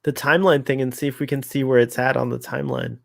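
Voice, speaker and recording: Man, casual co-host, mid pitch, laughs a lot, rambles, dry close mic. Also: flat delivery, fast talker, creaky, fairly bright tone, no room sound. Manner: chatty, laughs often, rambling asides. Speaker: podcast co-host. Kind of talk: casual fan commentary.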